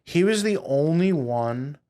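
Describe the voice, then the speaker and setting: Animated young man telling stories. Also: a little high, unhurried, slight background noise. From Boston, USA. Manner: animated, swears, acts out quotes. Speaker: company founder, guest. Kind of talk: casual storytelling interview.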